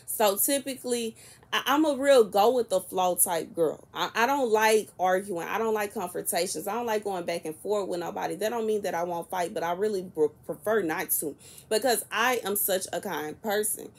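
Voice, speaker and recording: A woman in her early thirties, talking casually to camera in a soft-spoken, chatty and rambling way. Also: medium pitch, normal speed. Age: 30s. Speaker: prophetic content creator.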